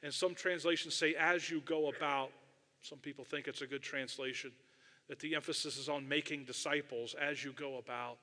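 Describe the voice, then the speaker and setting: A middle-aged male pastor delivers his sermon in a relaxed, storytelling way, laughing at himself and dropping in casual asides. His voice has a bright, clear edge. The sound rings with the long reverb of a large church sanctuary. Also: medium pitch, a little fast. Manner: self-deprecating storytelling, conversational asides.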